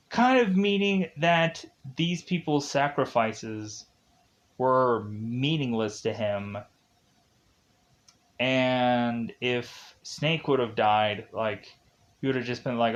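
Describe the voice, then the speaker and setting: A man's voice: mid-range voice, takes it slowly, lo-fi sound. A man recapping a movie plot in a casual, rambling way, full of "like" fillers. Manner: rambling, heavy use of "like". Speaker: film reviewer.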